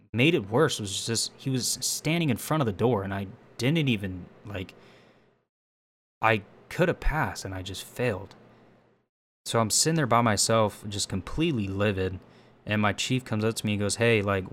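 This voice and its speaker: A man's voice: fairly low pitch, fairly bright tone. A young man telling an emotional personal story in a casual, rambling way, full of restarts and fillers. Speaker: firefighter trainee telling a story.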